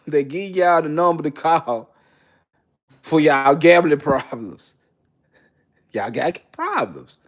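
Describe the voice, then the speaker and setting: A man hosting a casual monologue, talking with lots of profanity and animation and often breaking into laughter mid-sentence. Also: high voice. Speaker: host.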